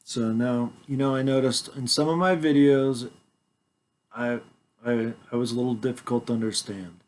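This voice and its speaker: A man's voice: medium pitch, fairly even intonation, normal speed, darkish tone. A man in his forties from Washington state reading a legal declaration aloud into a headset mic, sometimes mumbling and trailing off, with playful asides. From Washington, United States. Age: 40s. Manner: playful, joking asides between formal reading. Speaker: video host reading his own documents.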